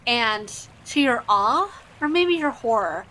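A woman with a high, bright voice narrates a tabletop game as game master. She is animated and often breaks into laughter. A faint hiss sits under the recording. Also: takes it slowly, low-quality recording.

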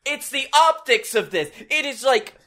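Man, podcast co-host. Fairly high, bright voice. Exasperated, profane, casual rants. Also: expressive, moderate pace. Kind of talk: casual wrestling chat.

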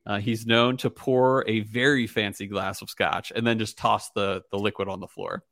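A man's voice: on the low side, fairly even intonation, normal speed, creaky, a bit bright, dry recording, clean studio sound. A young man hosting a casual podcast chat, rambling with lots of fillers and easy laughter. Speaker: podcast host.

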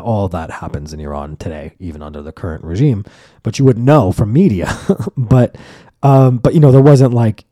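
A man's voice: lowish voice, no room sound, clean studio sound. A young man hosting a podcast, telling a rambling, profane, comedic story and acting out the people in it. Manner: profane, rambling, animated storytelling with acted-out quotes. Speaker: podcast host.

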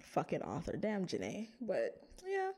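A woman co-hosting a podcast in casual chat, animated, laughing often and swearing casually. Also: fairly low pitch, a little slow, breathy edge. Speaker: podcast co-host.

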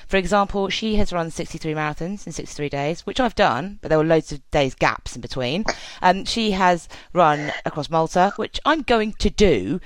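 A woman's voice: lowish voice, lively intonation, moderate pace, no echo, low-quality recording. A woman hosting a podcast, chatting in a loose, joking, rambling way with lots of fillers. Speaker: podcast host. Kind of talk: casual podcast interview.

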